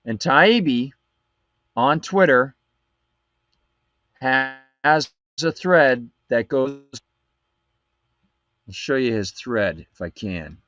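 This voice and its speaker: A man's voice: medium pitch, a bit bright, no echo, muffled recording. A man hosting a live political commentary show, reading documents aloud and breaking off with sarcastic asides. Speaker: show host.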